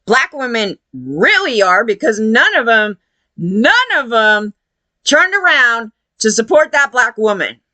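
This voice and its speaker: A woman commentator delivering a heated, profane opinion rant, scornful in tone and quick to mock others in put-on voices. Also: on the high side, very animated, sharp tone, dry recording. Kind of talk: ranting opinion video.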